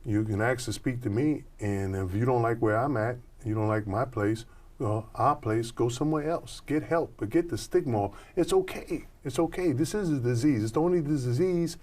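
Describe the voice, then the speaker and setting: A middle-aged man, an interview guest, telling a story in an animated way and acting out the voices of the people in it, then turning earnest when giving advice. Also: mid-range voice, normal speed.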